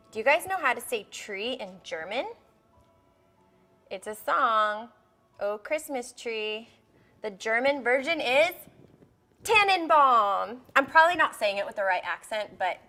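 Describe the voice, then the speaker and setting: A young woman with a fairly high voice that sounds pushed and bright hosts a live baking show for kids. She coaxes the children at home directly, staying bubbly throughout the cooking demonstration.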